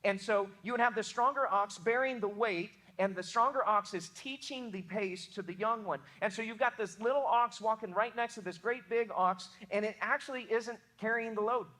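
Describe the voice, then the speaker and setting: A young adult pastor with a Southern American accent, preaching a sermon in an earnest, emphatic way, often restarting words. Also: male voice, high voice, normal speed, few pauses, bright, forceful tone.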